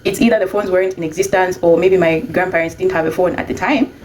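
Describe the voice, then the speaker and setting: A young adult woman casually telling a personal story, chatty and animated when she quotes herself. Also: fairly low pitch, fast, slight background noise, rough recording.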